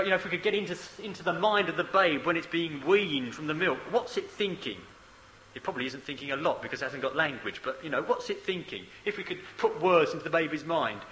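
A man preaching a sermon, swinging between loud emphatic declarations and low, quiet asides. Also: a little hiss or hum, poor audio.

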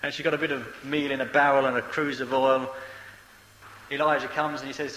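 A man's voice: mid-range voice, little pitch movement, brisk, sharp tone, a little hiss or hum. A man preaching a sermon in a hall, emphatic and repeating key phrases for effect. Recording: echoey hall with long reverb.

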